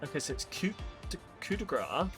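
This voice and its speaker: A man on a live stream playing a game, reading its dialogue aloud and thinking out loud, with lively delivery. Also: fairly high pitch, brisk, over music.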